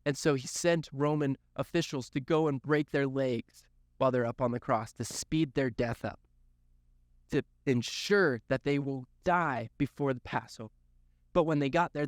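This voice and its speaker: A man's voice: medium pitch, no echo, studio quality. A man giving a youth sermon, telling the story earnestly, with lots of repetition for emphasis. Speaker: youth pastor.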